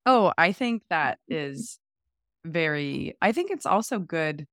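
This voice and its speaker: A woman co-hosting a podcast in casual chat. She talks haltingly, stalls, and pokes fun at herself. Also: deep voice, animated, a bit bright, no room sound, studio quality. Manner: halting, stalling, self-deprecating. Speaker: podcast co-host.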